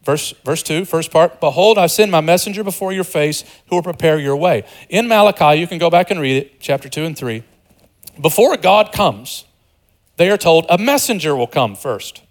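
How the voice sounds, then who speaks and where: A pastor preaching a sermon in an animated, conversational way, joking with the congregation and dropping to a hushed voice for quieter passages. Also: male voice, a little high, normal speed. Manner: animated, swings between loud emphasis and hushed, softer passages.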